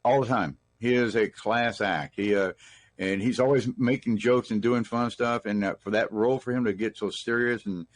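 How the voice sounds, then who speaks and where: A man's voice: fairly low pitch, steady tone, normal speed, no echo. A middle-aged man from Texas, telling rambling, folksy stories as an interview guest. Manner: rambling, folksy anecdotes with restarts. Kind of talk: casual storytelling in an interview.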